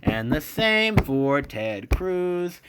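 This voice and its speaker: A man's voice: a little high, sing-song, extremely slow, heavy background noise. A man hosting his own podcast, giving a casual, rambling, opinionated monologue with a sarcastic edge and plenty of fillers. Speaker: podcast host.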